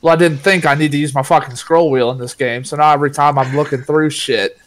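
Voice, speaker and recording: A man's voice: on the high side, steady tone, quick pace. A young man playing a military game with friends, chatting casually, wry and explaining things, swearing often. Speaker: gamer co-player. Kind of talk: casual gaming chat.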